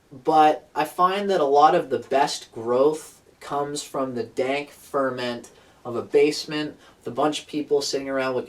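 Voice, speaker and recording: A man teaching a guitar song in a relaxed, rambling way, with plenty of fillers. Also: medium pitch. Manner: laid-back, rambling, many fillers. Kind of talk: casual guitar tutorial. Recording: distant mic with loud guitar.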